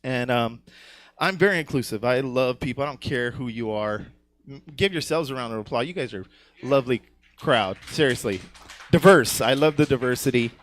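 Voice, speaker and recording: A man's voice: mid-range voice, a little fast, fairly bright tone, dry recording. A man doing a live stand-up set on a comedy stage, crude and rambling, laughing at his own jokes and often asking "you know what I'm saying".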